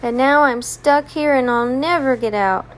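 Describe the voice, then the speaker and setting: A woman's voice: sits high, moderate pace, a little hiss or hum, lightly acted. A woman doing a scared little boy rabbit. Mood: worried regretful. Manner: worried, remorseful. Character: naughty young boy rabbit, scared and sorry.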